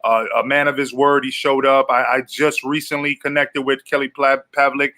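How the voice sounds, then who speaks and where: A man hosting an online interview show, talking quickly and loosely, calling his guest brother. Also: mid-range voice, little pitch movement, bright, forceful tone. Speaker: show host.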